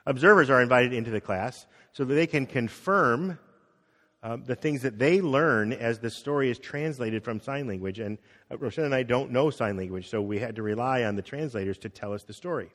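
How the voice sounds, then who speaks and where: Middle-aged male pastor, relaxed sermon, plain mid voice, reverberant church hall. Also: medium pitch, brisk. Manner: conversational, acts out quotes, drops soft on key words.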